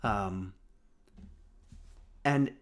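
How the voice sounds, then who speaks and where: A man's voice: lowish voice, extremely slow. Guy in his 30s talking through a show episode, lots of ums and restarts, just chatty. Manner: rambling, many fillers and restarts, chuckles often. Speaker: film and TV reviewer. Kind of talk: casual spoken episode recap.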